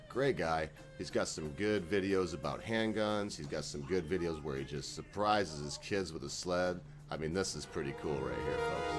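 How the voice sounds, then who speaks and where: A man with a notably deep, low voice hosts his own video channel. He rambles in a folksy, unscripted way and breaks in with chuckling asides. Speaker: channel host. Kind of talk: casual rambling video monologue.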